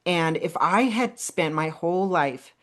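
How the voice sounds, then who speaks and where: Low voiced woman cohost, emphatic pep talk, casual. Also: animated, unhurried, fairly bright tone. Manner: emphatic, motivational. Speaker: podcast co-host. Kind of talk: casual chat.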